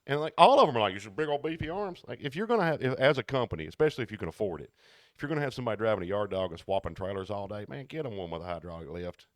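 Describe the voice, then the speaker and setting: A man co-hosting a podcast, telling work stories in a casual, animated way and acting out the people he quotes. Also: on the low side, very fast, dry recording, studio quality. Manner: animated storyteller who acts out quoted people. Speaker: podcast co-host. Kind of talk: casual storytelling chat.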